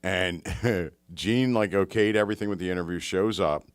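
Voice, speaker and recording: A man's voice: deep voice, moderate pace, clear, resonant tone, no echo. A man co-hosting a podcast in casual chat, throwing in dry, teasing wisecracks. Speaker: podcast co-host.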